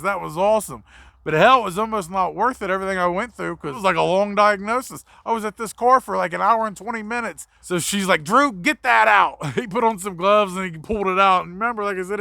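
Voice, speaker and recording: A man's voice: high voice, quick pace, gravelly, few pauses, sharp tone, no room sound. A young man, a mobile mechanic, telling a blunt, profane story in a casual vlog.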